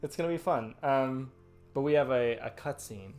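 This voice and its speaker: A man of middle pitch hosts a live game stream, chatting casually and rambling between ums and restarts. Faint game music hums in the background. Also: normal speed, darkish tone. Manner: chatty and rambling, with many ums and self-corrections. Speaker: streamer and host.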